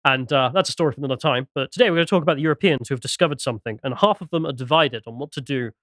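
A man co-hosting a political podcast, presenting a news item in a quick, sardonic way and reading out posts with asides. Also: medium pitch, a bit bright, no room sound, studio quality. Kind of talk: casual political podcast chat.

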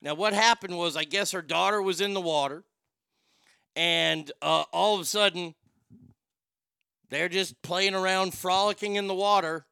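A man in his fifties hosting a radio talk show, telling stories in a loud, joking, rambling way into a studio microphone. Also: high-pitched, steady tone, moderate pace, creaky, long pauses, clean tone, dry recording. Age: 50s.

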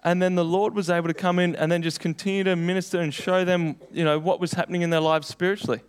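A man's voice: high voice, little pitch movement, fast, clean tone. A young man preaching a sermon, telling personal stories in an earnest, conversational way.

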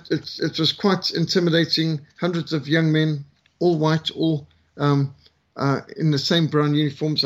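A South African man in his sixties, a missionary speaker telling his life story in a conversational way, with frequent fillers. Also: a little high. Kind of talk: testimony talk, storytelling.

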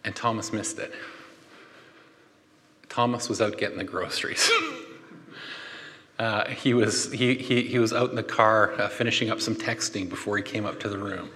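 A man preaching a conversational sermon, animated and chatty, with joking asides. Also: on the low side, moderate pace, long pauses. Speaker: pastor. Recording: long hall reverb.

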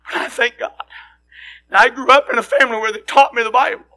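A middle-aged man preaching a sermon, telling stories with passion and often shouting. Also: very high-pitched, steady tone, fast talker. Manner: impassioned storytelling, frequently shouting.

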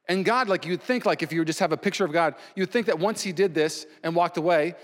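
A man preaching a sermon as pastor, emphatic, swinging between loud and hushed delivery. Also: sits high, brisk. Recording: long reverb from a large hall.

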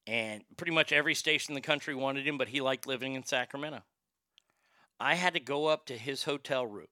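Man, host, casual storytelling, swears freely, very bright tone, dry close sound. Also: medium pitch, brisk, no echo. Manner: profane, conversational, with frequent restarts. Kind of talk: casual anecdote telling.

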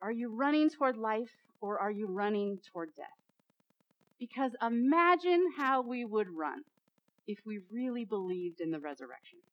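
A woman's voice: fairly high pitch, no echo, highs cut off. A woman preacher giving a dramatic sermon, repeating phrases and building to emphatic peaks.

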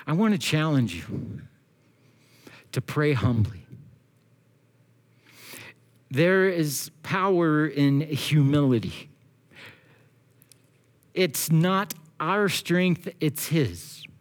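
A man preaching a sermon as pastor, earnest and exhorting, with slow emphatic phrasing. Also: a little high, animated.

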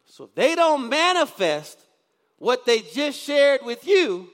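Pastor, man, 50s, high and lively delivery, quizzes the congregation, church reverb. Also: takes it slowly. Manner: keeps asking the congregation questions. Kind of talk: sermon. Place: church sanctuary.

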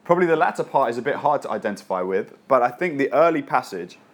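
A man's voice: medium pitch, expressive, fast talker. A man preaching a sermon as a pastor, reading scripture and then talking in a casual, joking, conversational way.

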